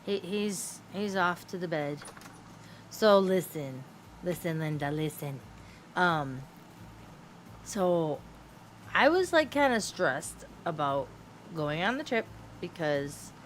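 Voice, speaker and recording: A middle-aged woman streams a game while chatting casually and telling stories, giggling often and swearing now and then. She has a deep voice, with slight background noise.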